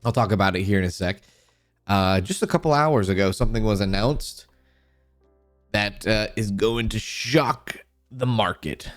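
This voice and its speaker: Chatty man greeting his stream chat. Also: fairly low pitch. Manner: chatty, greets viewers by name, trails off and restarts. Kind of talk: casual livestream chat greeting viewers.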